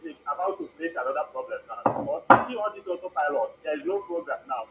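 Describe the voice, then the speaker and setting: Man phoning in, high and very lively, on a dull, echoey, slightly noisy line. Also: fast talker. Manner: animated, laughing, mixes English and Igbo. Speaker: caller. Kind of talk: casual call-in chat. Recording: dull lo-fi line with echo and faint noise.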